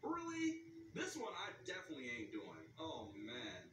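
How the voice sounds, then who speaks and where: Animated man joking through a reaction video. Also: medium pitch, normal speed, echoey room, distant mic, background noise. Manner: animated, joking, slangy, teasing. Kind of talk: reaction commentary.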